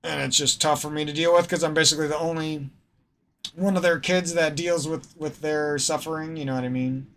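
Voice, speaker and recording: In a gaming vlog, a streamer with a slightly nasal Midwestern American accent rants profanely and rambles, interrupting himself mid-sentence. His fairly high, slightly bright voice is a little fast, with fairly even intonation.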